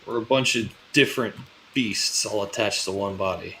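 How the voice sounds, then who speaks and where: A man with a somewhat low voice talks through a sci-fi role-play as a crew leader. He muses out loud in a loose, casual way and swears freely, with faint noise in the background. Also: moderate pace, poor audio. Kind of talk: in-character role-play chat.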